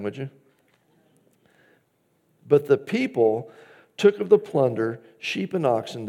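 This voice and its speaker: Animated male preacher, mid-pitched voice. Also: gravelly. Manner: animated, swings between loud emphasis and quiet asides; acts out quoted lines from scripture. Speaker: pastor. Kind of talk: sermon.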